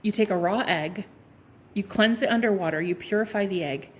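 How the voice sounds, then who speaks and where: A woman's voice: medium pitch, brisk. Sassy laughing woman reading tarot. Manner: sassy and playful, laughs often, swears, calls viewers honey. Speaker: tarot card reader. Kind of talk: casual pick-a-card tarot reading to viewers.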